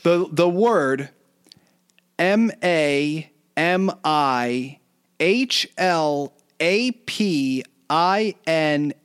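Smooth-voiced man in casual chat. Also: a little high, expressive, no echo, clean studio sound. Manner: chatty, laughs often, spells words out slowly. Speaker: podcast co-host.

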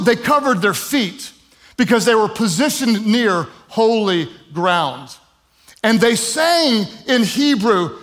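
Male pastor, high voice, emphatic sermon with light humor and casual fillers. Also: very animated, takes it slowly, fairly bright tone. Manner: emphatic repetition with humorous asides; conversational, with frequent "um" fillers.

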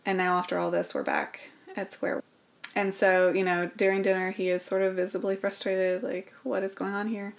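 A woman, an interview guest, tells a personal story in an earnest, reflective way, dropping to a whisper at painful moments. Her voice is lowish with vocal fry, her delivery completely flat, and her speed normal.

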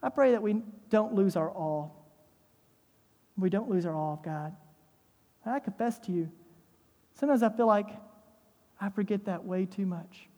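Pastor preaching a sermon: warm, mellow tone, emphatic delivery, lots of rhetorical questions; reverberant church room sound. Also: medium pitch, moderate pace, long pauses.

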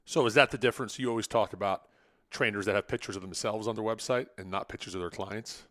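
Male co-host, rapid and wry, fairly low voice, dry studio sound. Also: a bit bright, dry recording. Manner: brisk, quick questions and wry teasing. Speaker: podcast co-host. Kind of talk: casual podcast chat.

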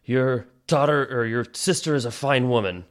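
A man's voice: medium pitch, normal speed, lightly acted. A man voicing a stout, polite male orc who is easily flustered. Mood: friendly.

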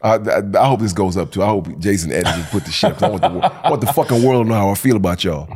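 Animated, teasing man hosting a couch podcast. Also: on the low side, racing, husky. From Detroit. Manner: playful, teasing, boastful. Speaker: podcast co-host. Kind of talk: casual banter.

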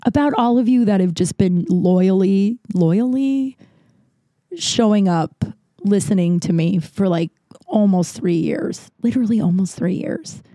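A young woman hosts her podcast in a loose, rambling storytelling flow, packed with "like" and "you know" and lively asides. Her voice is dark and mellow, recorded dry and close with no room sound. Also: mid-range voice, measured pace, no room sound. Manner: rambling, filler-heavy, animated retelling. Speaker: podcast host. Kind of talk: casual storytelling monologue.

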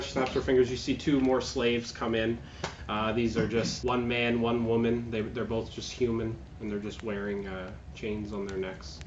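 A man's voice: mid-range voice, level tone, moderate pace. A man narrating a tabletop game as game master, in a casual, chatty way. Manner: casual, chatty, laughs often. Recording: roomy, dull, lightly noisy home recording.

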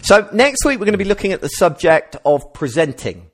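A man's voice: high voice, brisk. A man hosting a casual podcast chat, rambling and correcting himself as he goes. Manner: rambling, self-correcting, lively delivery. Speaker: podcast host.

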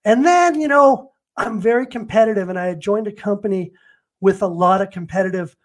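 A brisk, high voice comes from a man in his fifties who works in real estate and coaching in Los Angeles. Interviewed, he tells stories and acts out quotes and phone conversations.

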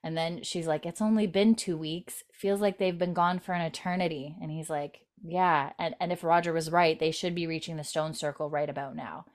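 A woman's voice: sits low, fairly even intonation, normal speed, few pauses. A woman recapping a TV episode in casual chat, quoting characters in lightly put-on voices and giggling often. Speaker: recap host.

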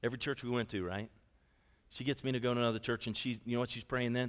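A man's voice: mid-range voice, fairly even intonation, fast. A middle-aged male pastor preaching a sermon, talking conversationally and calling out to his congregation. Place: church sanctuary. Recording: long hall reverb.

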